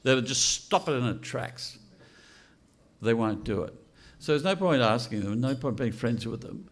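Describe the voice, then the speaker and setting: A man's voice: mid-range voice, expressive, normal speed, slight background noise. An older man giving a blunt, unscripted speech to an audience and asking rhetorical questions. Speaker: speaker at a political launch event.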